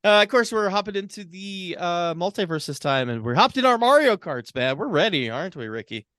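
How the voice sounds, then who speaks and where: A man's voice: sits high, big pitch swings, a little fast, fairly bright tone, dry recording. Podcast guy, lots of uhs, voice jumps all over, dry close mic. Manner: many uh fillers, laughs easily, upbeat. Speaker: podcast co-host. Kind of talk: casual podcast chat.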